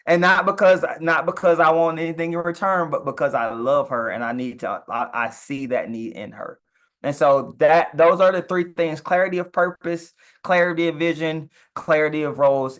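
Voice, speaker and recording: A man talking casually about marriage and business, animated, stumbling on words and laughing often as he talks. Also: fairly high pitch. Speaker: co-host.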